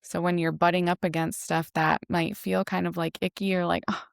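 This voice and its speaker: A woman astrologer talks in a flowing, reflective way, leaning on "you know" and "right" as she explains. Her voice is somewhat low, with a gravelly texture that still sounds smooth and resonant. The sound is dry and close. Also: flat delivery, normal speed, no room sound. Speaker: astrologer guest. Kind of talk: casual podcast conversation.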